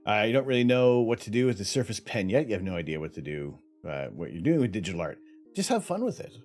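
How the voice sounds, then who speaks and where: A man's voice: lowish voice, very animated, fast talker, a little mellow, soft background music. A man from Canada hosting a casual livestream, rambling through viewer questions with many restarts. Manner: rambling, reads out chat, lots of restarts. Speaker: livestream host.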